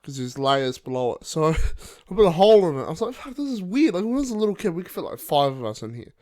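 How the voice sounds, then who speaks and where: Sing-song and fast, this somewhat high, slightly mellow male voice belongs to a young New Zealander co-hosting a laid-back podcast. He laughs and swears his way through a story in casual chat.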